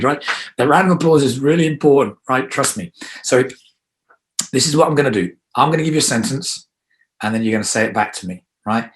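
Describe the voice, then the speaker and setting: Energetic male coach. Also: medium pitch, a little hiss or hum. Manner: energetic, emphatic, coaxing. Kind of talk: guided affirmation exercise.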